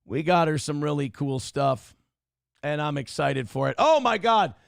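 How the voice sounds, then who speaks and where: A man's voice: fairly high pitch, animated, measured pace, creaky, no echo, clean studio sound. A middle-aged man hosting a livestream morning show, reading out donations in a brash, taunting, profane way. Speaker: host.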